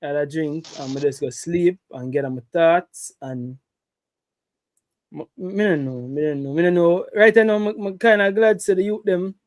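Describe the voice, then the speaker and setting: A man's voice: a little high, normal speed, dry recording, studio quality. A man with a Jamaican accent in casual football chat, often laughing and repeating what others said. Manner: laughing, repeats lines, excitable.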